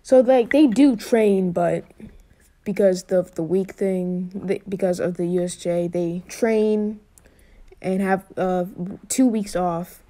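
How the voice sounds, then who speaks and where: A woman's voice: medium pitch, takes it slowly, mellow. A young woman casually telling a fan what-if story, rambling with many fillers and restarts.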